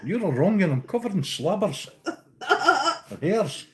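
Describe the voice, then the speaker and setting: A woman's voice: lowish voice, animated, unhurried, a little mellow. A young Scottish woman teasing her cat, sweary, laughing and chatty. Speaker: fly-tying streamer. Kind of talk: casual banter with a cat.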